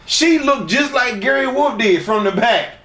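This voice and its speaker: A man's voice: extremely high pitch, expressive, moderate pace, a bit bright, reverberant. A man telling crude, rambling stories as an interview guest, often laughing as he talks. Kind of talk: profane shoot-interview storytelling.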